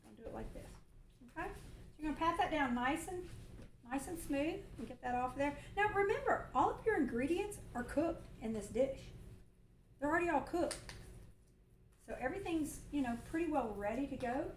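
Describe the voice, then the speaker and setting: A woman's voice: high-pitched, expressive, moderate pace, roomy sound, slight background noise. A woman, hosting a casual cooking livestream from her home kitchen and talking in a long-winded, folksy way. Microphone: mic set on the counter.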